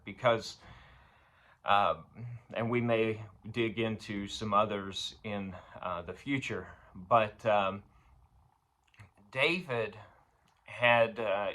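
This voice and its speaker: Male preacher, slow deliberate delivery, bright forceful tone, halting sermon style. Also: on the low side. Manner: slow and halting, many fillers, rising louder on scripture.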